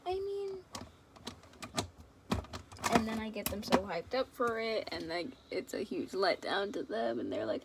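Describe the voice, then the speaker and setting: A woman's voice: medium pitch, sing-song, measured pace, pauses often, very noisy. A young woman rambling and giggling affectionately as she chats casually to her viewers at home. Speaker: fan video creator.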